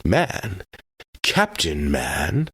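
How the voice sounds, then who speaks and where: A man's voice: low-pitched, wildly swooping pitch, very slow, a bit bright, breathy edge, dry recording, pitched below the performer's own voice, heavily acted. A man voicing a chattering society lady who gossips in scattered, rambling remarks at a card table. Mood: gossipy.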